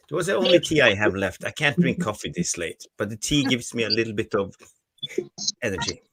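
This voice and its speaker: A man from Norway co-hosting a casual football podcast, low-key with short replies. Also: animated, moderate pace, fairly bright tone, husky, poor audio. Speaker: podcast co-host.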